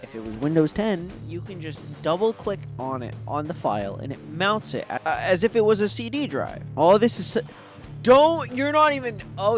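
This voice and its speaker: High-voiced man ranting, swearing a lot. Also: a bit bright. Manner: profane, exasperated, peppered with "like" and "right?". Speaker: VTuber. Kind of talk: ranting casual monologue.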